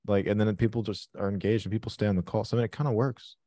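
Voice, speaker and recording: Dude hosting a trading stream, swears nonstop, gets hyped fast, dry close sound. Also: male voice, lowish voice, no room sound. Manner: excitable, swears constantly. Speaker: livestream trading host. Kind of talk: casual live-stream chat.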